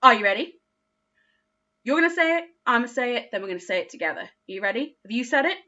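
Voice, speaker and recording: A woman teaching a phonics lesson to young children, speaking slowly with exaggerated, encouraging praise. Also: fairly high pitch, lively intonation, pushed and bright, lo-fi sound. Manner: slow, encouraging, sing-song teacher talk with exaggerated praise. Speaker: early years teacher.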